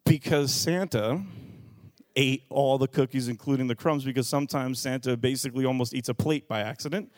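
A man in his thirties preaching a sermon as a pastor, telling family stories with animated swings in loudness. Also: medium pitch, brisk, no echo. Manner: storytelling, animated with rising shouts.

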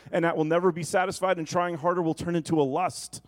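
A man preaching a sermon, animated and conversational, often asking the congregation questions. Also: sits high, fast talker, few pauses.

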